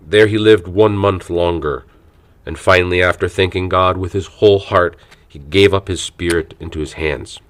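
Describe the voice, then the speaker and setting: A man narrates an audiobook in a measured, reverent reading. His voice sits very low and deep, and he keeps a steady, unhurried delivery throughout.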